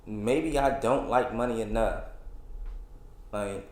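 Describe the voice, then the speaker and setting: On his solo podcast, a man in his twenties speaks in a mid-range voice at a measured pace, the sound reverberant. It's a casual, frustrated rant that rambles, restarting often and packed with fillers.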